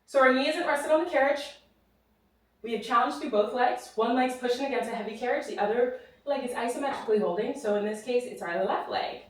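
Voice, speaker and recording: Her voice sits on the high side and moves a little fast as this breathless Pilates instructor cues a follow-along workout, cheering people on and counting reps aloud. The setting is a reformer studio, captured from a distance with plenty of room echo.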